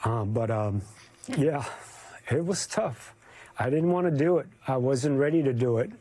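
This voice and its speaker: A middle-aged man, a news photojournalist, recalling a hard assignment in a reflective, halting way during an interview. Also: mid-range voice, warm tone, dry recording. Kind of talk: emotional interview recollection.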